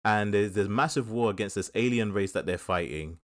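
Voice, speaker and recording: A man's voice: fairly low pitch, fairly quick. A man with a South East London accent, co-hosting a casual film review chat and acting out little quotes as he retells the plot. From England. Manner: animated storyteller, acts out quotes. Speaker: film podcast co-host.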